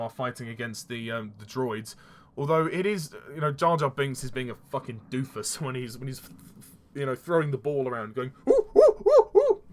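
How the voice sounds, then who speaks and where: A man reviewing films in a casual vlog, sarcastic and exasperated. His voice sits at an ordinary middle pitch, and he laughs often at his own jabs. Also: bright, forceful tone. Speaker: film reviewer.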